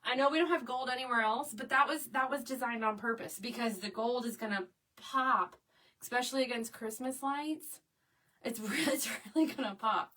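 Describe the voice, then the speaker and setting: Sitting high and a little fast, this bright-toned voice belongs to a middle-aged woman from Oklahoma running a casual crafting stream. She greets viewers, reads out their comments, chats freely, and laughs readily, with the mic set a bit away from her.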